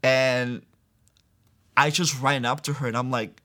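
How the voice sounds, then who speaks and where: An earnest young man tells his own story as an interview guest. His voice sits at a middle pitch, and he slips into the voices of the people he quotes. Soft laughs break into his telling. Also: fairly even intonation, unhurried. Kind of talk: personal testimony in an interview.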